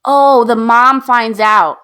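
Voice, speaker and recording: A woman's voice: a little high, slow, smooth. A young woman co-hosting a podcast, casually recapping a film and acting out the characters' lines as she goes. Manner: animated storytelling, acts out characters' lines. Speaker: podcast co-host. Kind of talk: casual movie recap chat.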